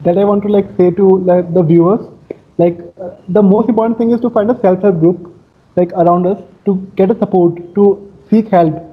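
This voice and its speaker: Guy hosting, high voice, lots of "like", sounds tinny like a phone line. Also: steady tone, moderate pace. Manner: hesitant, many fillers like "like". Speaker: host. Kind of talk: casual video-call interview. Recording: tinny phone-like call audio.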